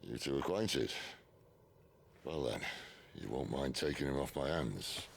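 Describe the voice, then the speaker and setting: Game cutscene: weathered rebel leader, gravel-voiced, slow, dry humour. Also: male voice, extremely low pitch, expressive, a little hiss or hum, full character voice. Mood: wry. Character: gruff weathered male rebel leader, wry. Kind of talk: video game cutscene acting.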